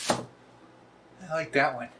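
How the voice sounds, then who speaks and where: A man, hosting a casual cooking vlog in a joking, often loud way. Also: a little high, extremely slow. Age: 60s. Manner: jokey, often laughs and raises his voice. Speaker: cooking video host.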